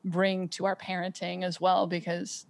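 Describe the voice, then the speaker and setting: A creaky, fairly low, level-toned voice belongs to this woman, who speaks at normal speed. She's a mother guesting on a podcast, thinking aloud in casual talk with plenty of "um" and "like" and many restarts.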